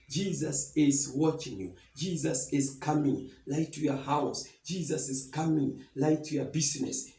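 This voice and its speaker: A man's voice: medium pitch, mellow. A man preaching a sermon, earnest and reassuring, repeating his message again and again. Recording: roomy, distant mic.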